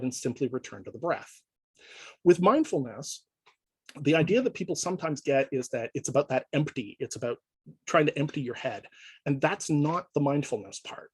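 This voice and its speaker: Male lecturer, husky, dry close sound; easygoing classroom talk, keeps asking "right?". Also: medium pitch, a little mellow, no room sound, rough recording. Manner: conversational, checks in with frequent "right?". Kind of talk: informal lecture.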